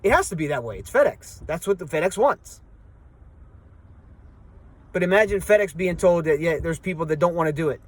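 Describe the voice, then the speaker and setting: A man's voice: on the high side, lively intonation, brisk, pauses often, no room sound. A man from Southwestern Pennsylvania with a local accent, venting in a rambling, frustrated way in a casual vlog to his viewers. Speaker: vlogger.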